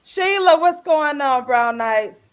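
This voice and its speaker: A woman co-hosting a radio talk show in casual, animated banter, laughing easily and greeting listeners by name. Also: sits high, slow pace. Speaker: radio show guest co-host.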